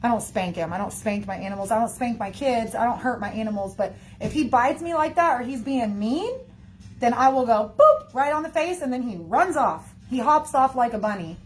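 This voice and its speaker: A woman's voice: a little high, expressive, fairly quick, hardly any pauses. A woman chatting casually to her viewers in a rambling way, full of fillers and "y'all". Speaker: livestreamer talking to viewers. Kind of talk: casual chat.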